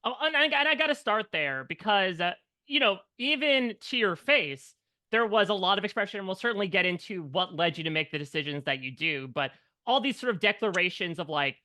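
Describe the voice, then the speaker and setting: A man interviewing a reality show contestant, setting up his questions in a measured way before asking them. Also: high-pitched, animated, pushed and bright, no echo, clean studio sound. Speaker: entertainment journalist interviewer.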